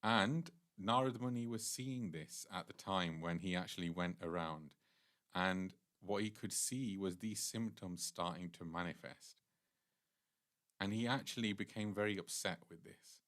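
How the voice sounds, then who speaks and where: A man's voice: low-pitched, a little slow, fairly bright tone. A man giving a devotional temple class, earnestly retelling scripture stories at length.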